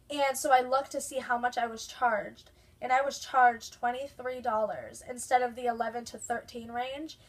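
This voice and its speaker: Chatty young woman venting. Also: fairly high pitch. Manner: exasperated storytelling, lots of "like" fillers. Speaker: vlogger. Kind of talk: casual rant to camera.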